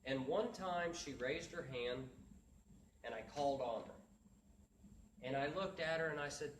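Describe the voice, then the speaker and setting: A man's voice: medium pitch, measured pace, pauses often, slight background noise. A man giving a motivational talk, telling a story earnestly and acting out the voices of the people in it. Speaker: motivational speaker. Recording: echoey room from far off.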